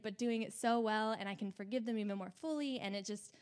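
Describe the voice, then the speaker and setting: A woman's voice: mid-range voice, brisk, few pauses. A young woman hosting, openly and emotionally sharing a personal faith story in a casual way, with many fillers. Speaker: host.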